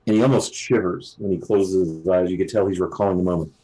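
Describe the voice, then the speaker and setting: A male game master narrating a tabletop game. He slips in quick asides about his characters in a low, husky voice. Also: dark tone, low-quality recording.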